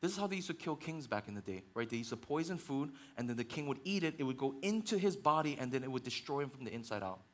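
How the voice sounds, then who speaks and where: A man's voice: medium pitch, very animated, quick pace, few pauses. A man preaching a sermon as pastor, passionate and conversational, with fillers and restarts, building to intense peaks. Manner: passionate, rising to near-shouting intensity.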